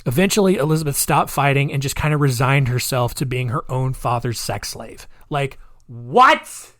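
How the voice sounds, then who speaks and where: A man's voice: medium pitch, lively intonation, moderate pace, fairly bright tone, no echo, clean studio sound. A man hosting a solo podcast, telling a crime story casually with many fillers and offhand asides. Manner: conversational, with filler-heavy asides. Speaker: podcast host.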